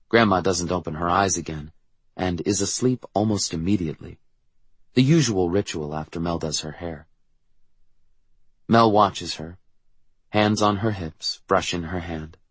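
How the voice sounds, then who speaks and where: A man narrating a first-person novel in a quiet, measured way. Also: low-pitched, husky, dry recording. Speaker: audiobook narrator.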